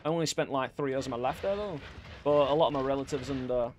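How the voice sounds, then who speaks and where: A man's voice: mid-range voice, quick pace, a little hiss or hum. A young English man rambling and joking at himself while chatting through a game stream. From England. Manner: rambling, self-deprecating, jokey. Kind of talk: casual gameplay chat.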